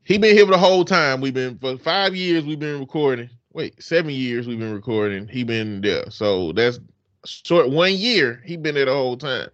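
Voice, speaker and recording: A man's voice: mid-range voice, lively intonation, normal speed, a bit bright, dry recording, dull audio. A man co-hosting a casual podcast, telling stories in a joking, profane way. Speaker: podcast co-host.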